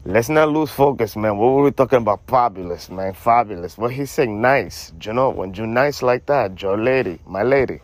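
Casting: man, comedy podcast co-host, loose slangy rambling banter, mid-pitched everyday voice. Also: moderate pace, few pauses, no echo.

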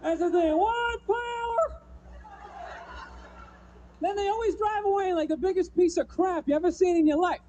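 A man's voice: very high-pitched, steady tone, fast, few pauses, warm tone, lo-fi sound, some chatter behind, slight background noise. A man doing a stand-up routine, loose and rambling, peppering lines with "you know" and "man". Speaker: stand-up comedian.

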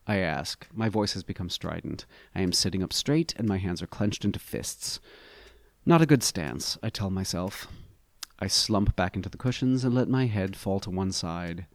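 A man reading a first-person story aloud with a wry, expressive delivery. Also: deep voice, normal speed, gravelly, dry recording. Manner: expressive, wry, animated inflections. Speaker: narrator.

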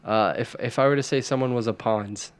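A man's voice: medium pitch, brisk, clean tone. A man hosting a casual podcast chat, quizzing his friends on slang words and laughing often. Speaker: podcast host.

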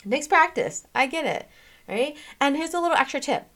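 A woman's voice: sits high, normal speed. A woman giving casual motivational advice as a podcast host, chatty and emphatic, often checking in with "okay?". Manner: animated, swings in pace and loudness, laughs often. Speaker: self-help podcast host.

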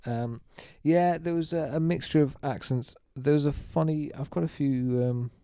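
Man podcast cohost, dark mellow voice, dry sound, rambling self-mocking banter. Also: on the high side, moderate pace, clear, resonant tone, no room sound. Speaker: podcast co-host. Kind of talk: casual chat.

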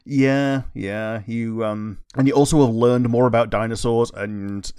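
A man's voice: mid-range voice, steady tone, a little slow, warm tone, clean tone, no echo. Chatty podcast host man, dry sound. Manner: chatty, laughs often, rambling asides. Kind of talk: casual podcast chat.

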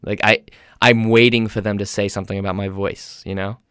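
A young man from England with an English accent softened by years in North America, talking in a casual, rambling, self-deprecating monologue. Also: on the low side, level tone, a little fast, smooth, no echo, studio quality.

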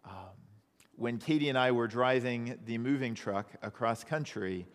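A man's voice: medium pitch, unhurried, clean tone, in a large hall. A man preaching a sermon as pastor, in a conversational storytelling manner.

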